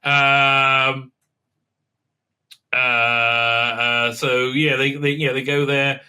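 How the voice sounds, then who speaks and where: This man hosts a show and reviews a TV episode in a loose, rambling way, his mid-range voice smooth and sharp but flatly delivered. The recap is halting and full of fillers and mocking asides, with quotes performed in goofy voices.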